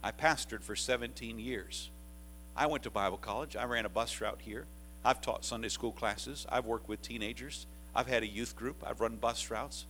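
A man in his fifties preaching a sermon to college students, moving from quiet reflection to loud, urgent pleading. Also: medium pitch, moderate pace, slight background noise. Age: 50s.

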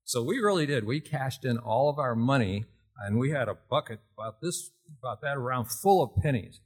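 An older man preaching in an animated storytelling way, laughing often and jumping to shouts. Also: medium pitch, brisk, husky. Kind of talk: storytelling sermon.

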